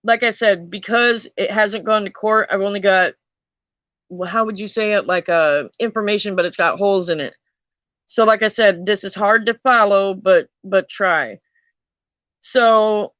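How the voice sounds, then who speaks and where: Chatty woman with a bright voice. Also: medium pitch, dry recording, dull audio. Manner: chatty, swears freely, laughs at the story. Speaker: true crime vlogger. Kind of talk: casual storytelling.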